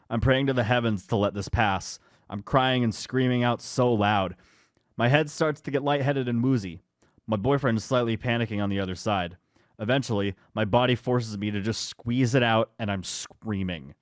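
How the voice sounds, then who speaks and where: A man's voice: medium pitch, normal speed, dry recording, clean studio sound. A man co-hosting a podcast, reading stories aloud and rambling into laughing asides. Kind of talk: casual chat, reading posts aloud.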